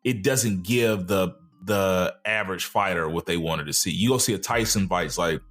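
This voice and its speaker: Low-pitched male podcast co-host, easygoing storyteller, faint music underneath. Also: a bit bright. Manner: laid-back, drawn-out storytelling with fillers. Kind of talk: casual chat.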